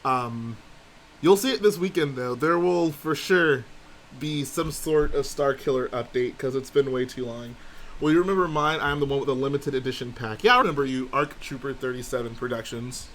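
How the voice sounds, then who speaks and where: A man's voice: mid-range voice, normal speed, fairly bright tone, a little hiss or hum. A man hosting a casual live stream, chatting and reading viewer comments aloud and answering them. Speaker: livestream host.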